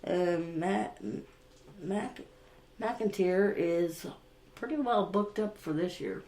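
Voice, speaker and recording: A woman's voice: lowish voice, takes it slowly, dark tone. A woman co-hosting a casual podcast chat, talking through plans in a plain, matter-of-fact way. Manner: matter-of-fact, planning aloud. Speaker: podcast co-host. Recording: echoey room.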